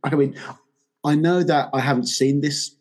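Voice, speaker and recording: Husky-voiced podcast host. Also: male voice, fairly high pitch, steady tone, moderate pace, a little mellow. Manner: chatty, rambling, restarts, laughs often. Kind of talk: casual podcast chat and news reading.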